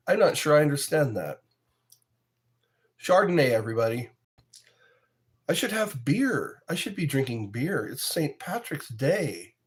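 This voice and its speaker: Slow rambling jokey man on a livestream. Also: medium pitch, sing-song. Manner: rambling, jokey, reads viewer comments aloud; laughs often at his own jokes. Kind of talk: casual chat with live viewers.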